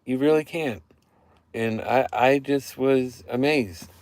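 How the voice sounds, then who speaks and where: A man giving an excited, profane recap on a casual live stream, repeating himself as he talks into a handheld phone. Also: mid-range voice, takes it slowly. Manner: excited, profane fan rambling with repeated phrases. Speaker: wrestling show reviewer. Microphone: phone held in hand.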